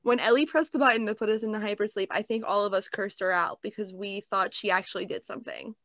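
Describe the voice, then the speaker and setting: Bright, animated young woman telling a story. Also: medium pitch, fast talker, no room sound. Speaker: co-host. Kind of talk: casual chat.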